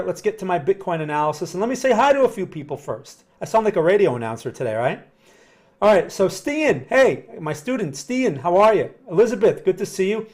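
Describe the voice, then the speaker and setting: Chatty man with a higher voice. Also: a little mellow. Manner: chatty, repeats words, greets viewers by name; asks questions to the audience. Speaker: trading educator hosting a live stream. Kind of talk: casual live-stream market commentary.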